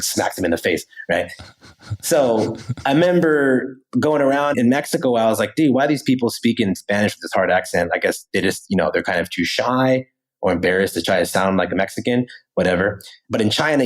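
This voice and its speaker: A young American man, a podcast guest, telling stories in a lively, casual way, often adding "right?" and "you know". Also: fairly low pitch, poor audio. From Pennsylvania, USA. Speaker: podcast guest, language teacher. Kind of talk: casual storytelling interview.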